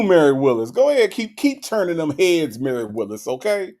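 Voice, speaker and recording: Male livestream host from Florida, slightly high voice, animated casual chat with stammered restarts. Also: brisk, few pauses, some chatter behind. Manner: animated, reads chat messages aloud, frequent stammered restarts.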